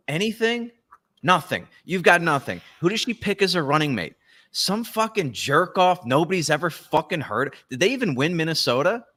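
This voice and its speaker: A man's voice: sits high, sharp tone. A man hosting a podcast, mocking and swearing, laughing often. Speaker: podcast host. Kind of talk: casual chat.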